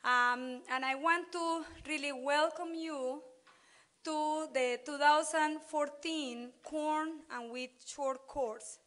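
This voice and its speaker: A woman's voice: high-pitched, steady tone, slow, a bit bright. A woman professor giving a welcome speech at a farming course, speaking hesitantly with many fillers and restarts. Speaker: university extension professor welcoming attendees.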